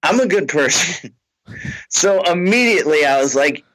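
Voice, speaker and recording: A man's voice: a little high, measured pace, fairly bright tone, dry recording, poor audio. Rambling, self-mocking comedian man. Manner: rambling, self-mocking, laughs between lines. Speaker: comedian, podcast host. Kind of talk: casual storytelling.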